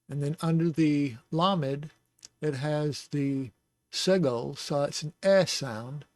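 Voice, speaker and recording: A man's voice: mid-range voice, no room sound, clean studio sound. A man teaching the Hebrew alphabet in a patient, casual lesson, with small jokes and chuckles along the way. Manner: slow, patient, joking asides with chuckles.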